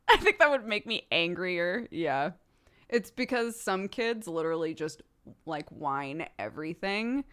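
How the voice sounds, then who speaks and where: A woman's voice: fairly low pitch, very animated, slow pace, long pauses, a bit bright, clear, resonant tone. A woman in her thirties, a streamer chatting casually with her viewers, rambling and laughing often. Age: 30s.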